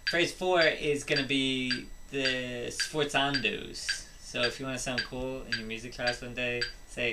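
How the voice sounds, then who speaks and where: Heavy background noise from drums and music surrounds a man teaching drums in a mid-range, fairly even voice. He talks a little slowly, breaking the lesson into steps and counting rhythms aloud.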